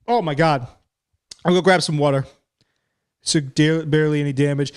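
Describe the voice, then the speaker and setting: A man hosting a live commentary stream, chatting casually and talking to himself as he reacts, his voice going hoarse. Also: fairly high pitch, steady tone, normal speed, pauses often.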